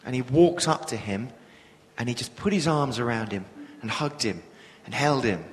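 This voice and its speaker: A man's voice: medium pitch, moderate pace, slight background noise. Man preaching, storytelling in a reverberant hall. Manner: storytelling, animated, drops to a hush for emotional moments. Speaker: preacher and police chaplain. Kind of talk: sermon.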